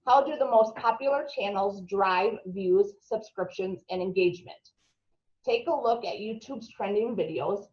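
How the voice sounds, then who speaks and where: A woman's voice: medium pitch, a little mellow, lo-fi sound. A woman giving a marketing training session to a live group, chatty and asking the room questions, sometimes stumbling over her words.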